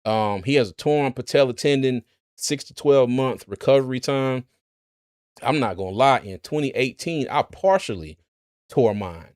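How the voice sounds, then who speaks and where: A man's voice: medium pitch, animated, normal speed, darkish tone, clear, resonant tone, no room sound, studio quality. A man who hosts a sports channel, giving casual livestream commentary, chatty, laughing often and repeating words.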